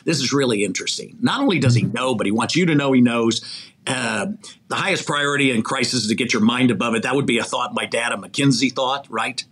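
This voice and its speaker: A man's voice: mid-range voice, fast, a bit bright, breathy edge. An older man who is a podcast interview guest, telling stories animatedly, acting out quoted dialogue and chuckling mid-sentence. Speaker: interview guest, executive recruiter. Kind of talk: storytelling in a podcast conversation.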